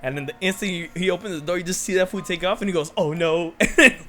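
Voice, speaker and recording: A man's voice: high voice, fast talker, a bit bright, faint music behind. Laughing young man telling dog stories. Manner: laughing storyteller, swears freely. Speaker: podcast co-host. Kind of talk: casual chat.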